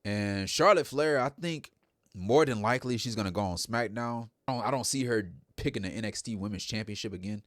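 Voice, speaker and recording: A man with a fairly low voice gives a casual recap, talking in a loose, rambling way and doubling back on his words. The recording is dry and close, with no room sound. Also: a little fast, a bit bright, no echo. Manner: chatty, rambling, repeats himself. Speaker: host. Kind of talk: casual wrestling show recap.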